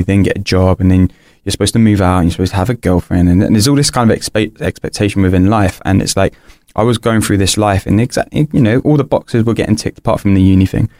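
Deep gravelly young man. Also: darkish tone, no room sound, studio quality. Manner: earnest, rambling, frequent restarts and "like" fillers. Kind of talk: candid personal storytelling.

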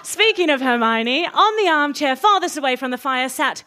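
A woman with a high voice reads a comic fan fiction aloud. She is cheeky and laughs her way through the lines. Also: lively intonation, moderate pace, pushed and bright, slight background noise.

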